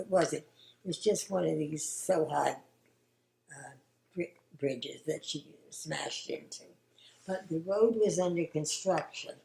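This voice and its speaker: An older woman with a low, mellow voice tells family memories in a halting, reflective way, often sinking into a near whisper. The recording carries a roomy echo. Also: vocal fry. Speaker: grandmother recalling family history. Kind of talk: oral history interview.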